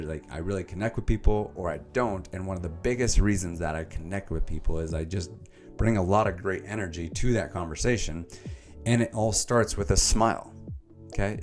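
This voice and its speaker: A young man with a low voice summarizes a self-help book to camera in a casual vlog. His delivery is energetic, animated and emphatic, with plenty of fillers.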